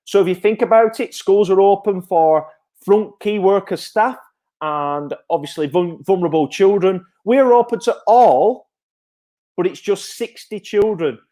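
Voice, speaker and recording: Energetic high-voiced man. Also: measured pace. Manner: energetic, repetitive, upbeat sales-pitch reassurance. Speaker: childcare provider running a live update. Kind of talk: live-streamed parent update.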